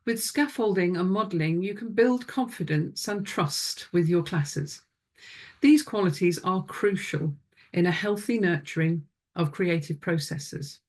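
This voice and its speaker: Calm, low-voiced woman teaching music. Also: measured pace. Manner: calm, instructive, demonstrates vocal exercises. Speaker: music education presenter. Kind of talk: webinar teaching talk.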